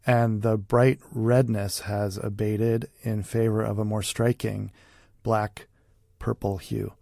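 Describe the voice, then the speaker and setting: A man hosting a comedy podcast, reading a parody ad with dry, deadpan delivery. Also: on the low side, takes it slowly, vocal fry, no room sound. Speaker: podcast host.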